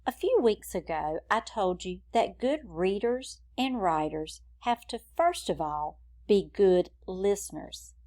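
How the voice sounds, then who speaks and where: A woman's voice: medium pitch, lively intonation, a little mellow. A woman teaching a phonics lesson to young children in an encouraging classroom manner. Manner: slow, encouraging, sing-song classroom delivery.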